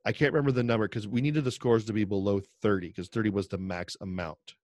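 A man's voice: fairly low pitch, fairly even intonation, fast, darkish tone, no echo. A middle-aged man co-hosting a podcast, telling rambling stories and laughing often. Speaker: podcast co-host. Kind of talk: casual chat.

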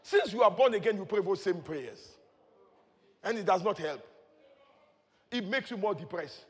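Male preacher, very high-pitched, shouts praise and chuckles, long hall echo. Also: animated, normal speed, pauses often. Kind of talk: sermon.

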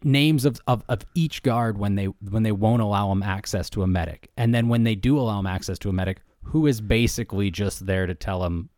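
A man with a lowish voice recaps a book for his co-host in easygoing conversation. He sprinkles in "like" and "you know" as he goes. The sound is close and dry. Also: brisk, hardly any pauses, no room sound. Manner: relaxed storytelling with many "like" and "you know" fillers. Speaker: podcast co-host. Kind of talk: casual book review chat.

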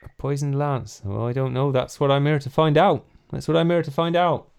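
A man's voice: on the high side, fairly even intonation, fairly quick, vocal fry, a little mellow, clean tone. A man playing a polite, inquisitive young squire with a West Country accent, asking courteous questions. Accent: West Country English.

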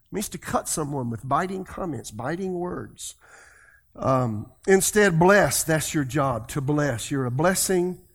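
Leading his congregation in call-and-response, a pastor delivers a sermon in a voice on the high side, moving back and forth between loud and soft.

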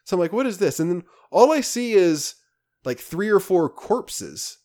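A man with a slightly higher voice chats casually as a podcast co-host. He tells his game story in a rambling, animated way, restarting his sentences often. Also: unhurried. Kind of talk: casual chat about video games.

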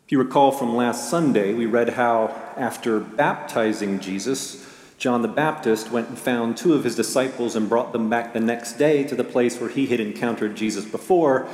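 A man's voice: medium pitch, darkish tone. Man preaching in an echoey church. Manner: measured, storytelling delivery with a joke. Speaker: pastor. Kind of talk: sermon with scripture reading. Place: church sanctuary.

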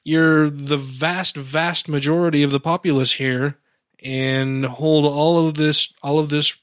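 A man's voice: a little high, level tone, a little slow, dry recording. Sarcastic, profane man on a dry mic. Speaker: podcast co-host. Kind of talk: casual chat.

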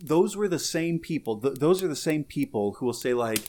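A man's voice: a little high, normal speed, hardly any pauses, a little hiss or hum. Rambling man co-hosting a podcast. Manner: rambling, filler-heavy, animated. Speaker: podcast co-host. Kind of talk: casual chat.

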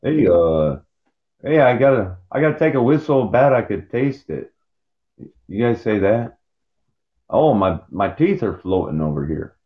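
A man's voice: lowish voice, a little slow. A man co-hosting a podcast in casual chat, rambling from topic to topic and joking around. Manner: rambling, jokey, animated, meandering. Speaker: podcast co-host. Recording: dull lo-fi podcast audio.

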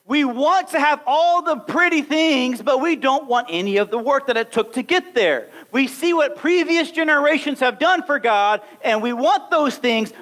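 Male preacher, high voice, wide swings in pitch, animated sermon delivery. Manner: animated, acts out little scenes and voices.

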